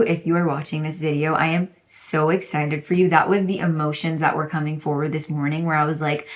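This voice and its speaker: A young woman talking casually and effusively to camera about self-belief, rambling and repeating herself for emphasis. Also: low-pitched. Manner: gushing, rambling, emphatic repetition. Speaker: self-development course creator. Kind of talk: casual motivational vlog.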